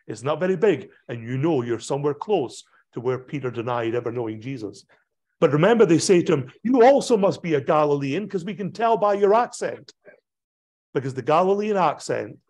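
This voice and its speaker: Conversational pastor lecturing with a map. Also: male voice, on the high side, darkish tone. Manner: conversational, digressive lecturing with frequent fillers and restarts. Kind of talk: illustrated talk on pilgrimage. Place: church hall presentation.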